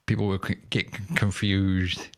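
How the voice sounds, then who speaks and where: A man co-hosting a podcast in casual chat, reacting with quick exclamations and questions. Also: low-pitched, little pitch movement. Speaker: podcast co-host.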